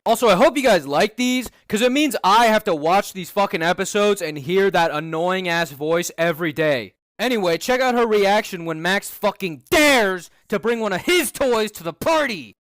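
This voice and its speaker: A man ranting sarcastically over cartoon clips, swearing a lot and getting loud. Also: sits high, lively intonation, normal speed, few pauses, no echo. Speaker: comedy commentator. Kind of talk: profane ranting commentary.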